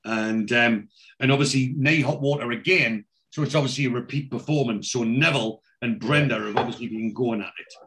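A man's voice: mid-range voice, fairly quick, fairly bright tone. A man chatting casually, retelling the scenes of a TV episode and swearing freely as he goes. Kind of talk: casual TV episode recap chat.

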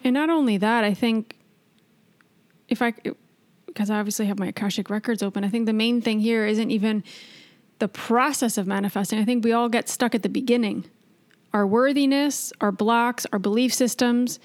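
A woman's voice: fairly high pitch, steady tone, moderate pace. A woman co-hosting a podcast in casual chat, explaining her views earnestly with plenty of fillers. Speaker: podcast co-host.

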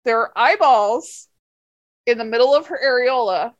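A woman's voice: a little high, expressive, normal speed, dull audio. A woman hosting a podcast, ranting about a bad film in casual, profane, rambling chat. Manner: profane, rambling, exasperated storytelling. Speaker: podcast host reviewing a film.

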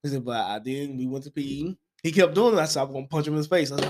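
A man's voice: medium pitch, racing, background noise. A father in casual chat, animatedly telling stories and acting out the quotes. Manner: animated storyteller, acts out quotes.

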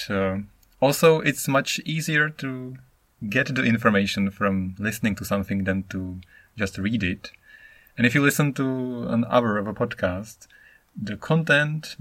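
A man in his thirties from the Czech Republic, a non-native speaker, hosting a solo podcast in a rambling, animated way. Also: medium pitch, dry recording. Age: 30s. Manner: rambling, animated, acts out intonations. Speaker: podcast host.

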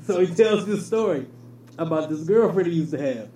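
A man's voice: a little high, expressive, moderate pace, mellow. A man telling stories in casual, profane chat, laughing often. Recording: echoey room, faint noise.

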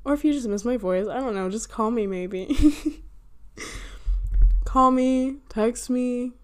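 A woman's voice: on the high side, moderate pace, dark tone. Rambling young woman podcaster, laughing. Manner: rambling, self-deprecating, laughs often, many "like"s. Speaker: podcast host. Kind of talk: casual solo podcast monologue. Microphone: handheld or desk microphone she bumps.

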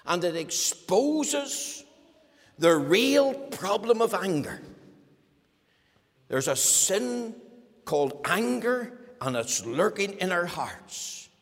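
A man delivering a sermon in a high voice that swoops up and down with animation. He preaches with strong emphasis, slipping into the voices of complaining listeners. A long reverb trails behind him, as in a large church hall. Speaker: pastor.

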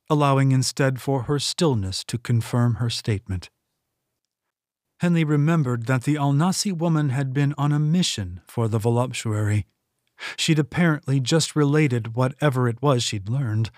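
A man narrating a fantasy audiobook in a steady, deliberate reading. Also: mid-range voice, no room sound, studio quality. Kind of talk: scripted narration.

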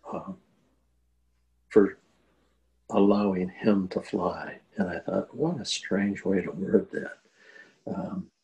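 Older man, deep voice, earnest interview storyteller with fillers. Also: darkish tone, low-quality recording. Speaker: guest telling a war veteran story.

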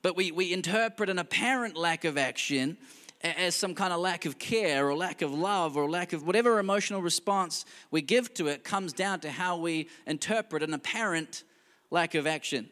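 A man preaching a sermon in a relaxed, conversational way, mixing humorous asides with earnest points. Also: high voice, normal speed, long reverb tail. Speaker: pastor.

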